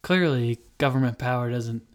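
Podcast co-host guy, quick jokes, laughs a lot. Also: mid-range voice. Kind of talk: casual chat.

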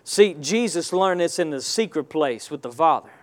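A man preaching a sermon, calling on the congregation to answer back and stressing points with slow, emphatic delivery. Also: a little high, expressive. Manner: call-and-response preaching, rising to emphatic shouts.

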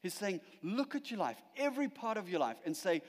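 Man preaching, fairly high voice, lively swings in pitch, emphatic then hushed, echoing church hall. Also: brisk. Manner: animated preaching, rising to emphatic peaks and dropping quiet. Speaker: pastor. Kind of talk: sermon.

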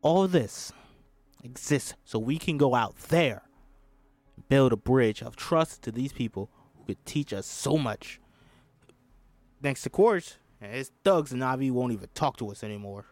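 A man's voice: mid-range voice, expressive, a little slow, a little mellow, no room sound, lightly acted. Brief: brusque, lecturing woman scientist, read by a man, plain voice, dry recording. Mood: frustrated. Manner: impatient, lecturing. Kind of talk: amateur script reading.

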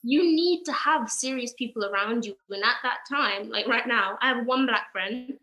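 A young woman with a bright, slightly high voice chats casually, lively and emphatic. She laughs often as she makes her points. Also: moderate pace, echoey room, rough recording. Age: young adult. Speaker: podcast guest. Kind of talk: casual chat.

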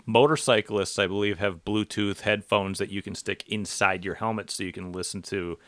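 A man's voice: on the low side, fairly even intonation, moderate pace, a bit bright, no echo, studio quality. A man hosting a podcast in casual chat, joking and rambling with his co-hosts. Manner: joking, rambling, self-deprecating. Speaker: podcast host.

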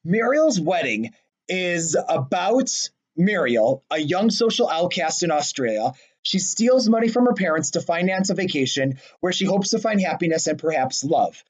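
A man with a notably high-pitched voice talks through his favorite movies in a relaxed conversation. He gushes, pokes fun at himself, and breaks into laughter often. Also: moderate pace, husky. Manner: gushing and self-deprecating, laughs often. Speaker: podcast co-host. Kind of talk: casual chat about favorite movies.

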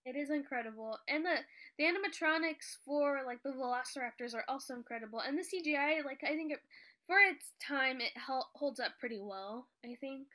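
A woman's voice: sits high, a little fast, pushed and bright. A woman chatting casually about a movie, recapping scenes with lots of filler words.

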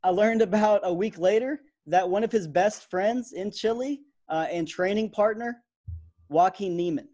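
A young man in his twenties co-hosting a podcast, chatting in a relaxed way with lots of fillers. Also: high-pitched, moderate pace. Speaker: podcast co-host. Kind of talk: casual sports podcast chat.

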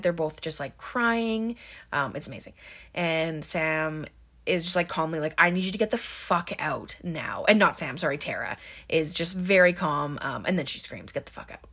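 A woman casually recapping a horror movie plot, chatty, with lots of ums and likes, slipping into quick quoted lines. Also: fairly low pitch, fairly bright tone.

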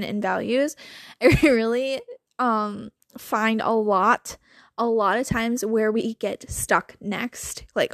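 Chatty animated woman podcaster. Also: fairly high pitch, no echo, clean studio sound. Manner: animated, chatty, frequent filler words and laughs. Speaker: podcast host. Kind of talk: casual monologue.

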